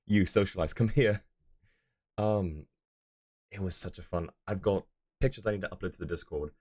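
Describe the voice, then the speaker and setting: Low-voiced man chatting on a live stream. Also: moderate pace, a little mellow, breathy edge. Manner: rambling, answers chat messages as he talks. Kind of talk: casual live-stream chat.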